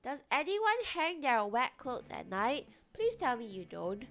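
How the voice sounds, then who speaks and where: A young woman streamer chatting casually with her viewers, reacting loudly and animatedly to chat comments. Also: a little high, big pitch swings, measured pace, soft background music.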